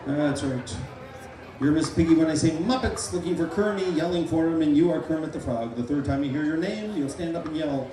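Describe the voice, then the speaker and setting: A middle-aged man working as a stage hypnotist at a live comedy show, playfully giving loud, repeated suggestions to volunteers. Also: a little high, wildly swooping pitch, brisk, a little hiss or hum. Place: large fair tent. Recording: echoey tent, mic heard from far.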